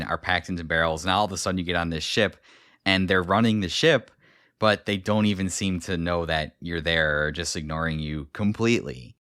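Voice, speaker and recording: A man's voice: low voice, fairly bright tone, no echo, studio quality. A man guesting on a podcast, easygoing in a casual chat and laughing often.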